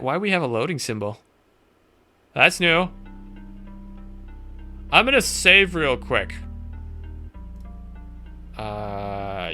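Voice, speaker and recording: A man playing through a visual novel game and commenting in excitable, chatty asides. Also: a little high. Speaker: gaming channel host. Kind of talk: let's play commentary.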